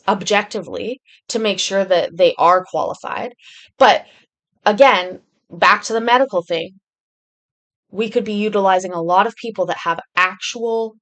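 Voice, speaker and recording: A woman hosting a casual commentary show, talking in a rambling, candid way. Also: mid-range voice. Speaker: host. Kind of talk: casual commentary on court videos.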